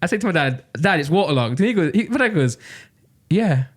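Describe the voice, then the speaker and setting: A man from Nottingham with a Midlands accent, co-hosting a casual podcast and telling an exasperated, animated story. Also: high voice, very fast. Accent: English Midlands. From Nottingham, England. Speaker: podcast co-host.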